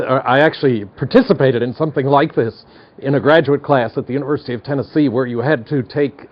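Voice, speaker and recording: A man in his sixties with a General American accent and a slight Midwestern twang, giving a university psychology lecture in a wry, chatty, digressive way. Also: medium pitch. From United States. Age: 60s. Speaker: psychology professor. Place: studio classroom. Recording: dull lo-fi lecture tape.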